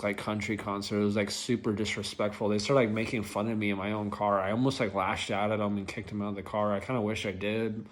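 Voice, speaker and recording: A young adult man casually telling rideshare driver stories, rambling and filling nearly every phrase with "like". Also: on the low side. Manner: rambling, filler-heavy, lots of "like". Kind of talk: casual storytelling vlog.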